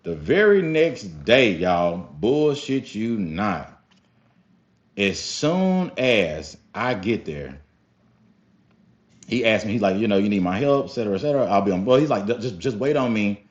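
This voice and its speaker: A young man telling a story casually to his viewers, animated and profane, often calling them y'all. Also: on the low side, a little slow. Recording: slightly dull lo-fi sound with faint music.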